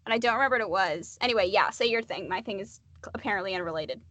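A woman co-hosting a podcast, chatting casually and drifting into quick tangents. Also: medium pitch, fairly bright tone, no room sound. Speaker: podcast co-host. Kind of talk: casual chat.

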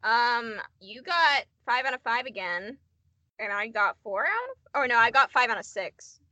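A woman's voice: on the high side, sing-song, moderate pace, sharp tone, dry recording, muffled recording. A woman co-hosting a podcast, chatting casually with lots of fillers and quizzing her co-host. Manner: chatty, filler-heavy, runs quiz questions. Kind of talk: casual chat.

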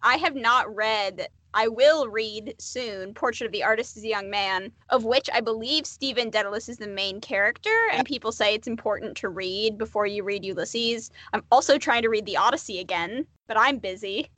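A woman co-hosting a podcast, chatting casually and drifting into quick tangents. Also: on the high side, fairly bright tone, no room sound. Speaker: podcast co-host. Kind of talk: casual chat.

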